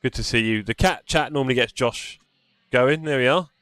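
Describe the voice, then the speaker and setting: A man's voice: medium pitch, normal speed, a bit bright, clean tone, dry recording, studio quality. A man hosting a live sim racing stream, chatting casually, teasing and reading the chat aloud. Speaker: stream host.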